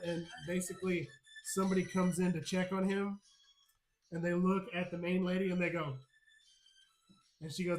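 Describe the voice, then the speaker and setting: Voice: medium pitch, flat delivery, normal speed, pauses often, faint music behind, low-quality recording. A game master narrating a tabletop game on a live stream, laughing often and telling the story with energy.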